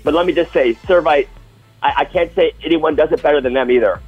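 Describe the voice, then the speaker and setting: A man co-hosting a casual sports talk show, piling up details with gusto. His voice is husky and a little breathy. The audio is dull and muffled, with faint music underneath. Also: fairly high pitch, fast talker. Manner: enthusiastic, storytelling. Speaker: co-host.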